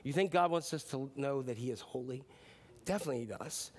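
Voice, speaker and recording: A man preaching a sermon as pastor, animated, often acting out voices and repeated words for emphasis. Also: mid-range voice, a little fast. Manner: animated, acts out voices and repetitions.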